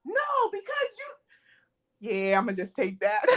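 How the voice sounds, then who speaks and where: A woman's voice: high-pitched, wildly swooping pitch, slow pace, a bit bright. A woman co-hosting a casual movie review podcast, animatedly retelling scenes, acting out quotes and laughing often. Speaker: podcast co-host.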